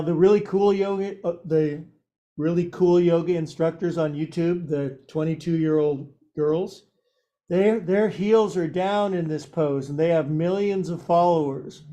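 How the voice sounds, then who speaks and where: A man guides a yoga class, cracking jokes between his cues. He talks slowly, in a fairly high voice with a soft, mellow tone. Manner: joking, playful cues. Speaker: yoga teacher. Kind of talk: guiding a live yoga class.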